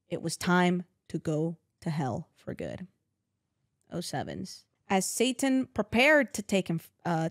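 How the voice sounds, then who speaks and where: A woman's voice: mid-range voice, no room sound, studio quality. A young woman reading a legend aloud in a casual chat, breaking off for jokey, swearing asides and laughs. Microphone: own microphone.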